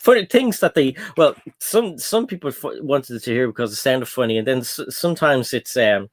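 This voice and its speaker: Irish guy hosting a live stream, rambly and chatty, lots of ums, middle pitch. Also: animated, moderate pace, dry recording, studio quality. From Ireland. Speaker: livestream host. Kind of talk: casual livestream chat reading viewer comments.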